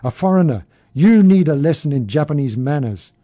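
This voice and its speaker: A man's voice: medium pitch, lively intonation, a little slow, dark tone. Storybook heavy: man voicing a bellowing, hostile drunk labourer. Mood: angry roaring. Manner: roaring, belligerent. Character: drunk, enraged male labourer.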